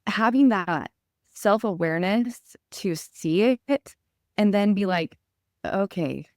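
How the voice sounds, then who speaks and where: A woman's voice: mid-range voice, slow, a little mellow, no echo, studio quality. A woman hosting a casual podcast conversation, explaining ideas and often checking in with "right?".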